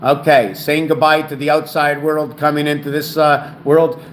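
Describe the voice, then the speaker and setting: A man's voice: on the high side, level tone, moderate pace, a little hiss or hum. A man hosting his own video channel, talking in a rambling, stumbling way, often restarting words and thinking aloud. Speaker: channel host explaining word and number theories. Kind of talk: rambling solo video talk. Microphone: home camera setup.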